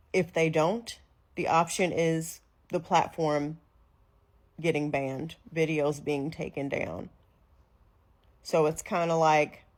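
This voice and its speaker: A woman's voice: low voice, a little mellow. A woman giving blunt, matter-of-fact commentary to camera, with some swearing. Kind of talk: vlog commentary.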